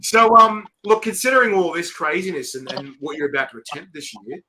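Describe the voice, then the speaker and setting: Chatty Australian host over crowd noise. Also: male voice, fairly high pitch, fairly quick. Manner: chatty, laughs often, slangy. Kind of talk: casual live-stream interview.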